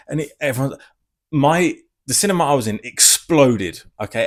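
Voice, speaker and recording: A man giving a casual spoiler review, rambling and excitable, swearing freely. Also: medium pitch, moderate pace. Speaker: film reviewer.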